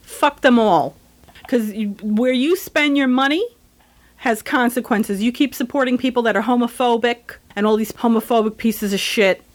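A woman's voice: fairly high pitch, normal speed. A woman in casual chat who talks bluntly and rants with lots of profanity.

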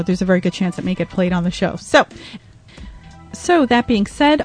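A woman's voice: medium pitch, a little mellow. A woman hosting a podcast, talking in a chatty, rambling way. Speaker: podcast host. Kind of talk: casual podcast talk.

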